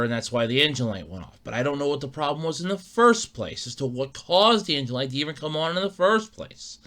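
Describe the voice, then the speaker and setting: A man's voice: on the high side, fairly bright tone. A man hosting his own podcast, telling a rambling, exasperated story in casual talk and swearing freely. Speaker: podcast host. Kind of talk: casual solo monologue.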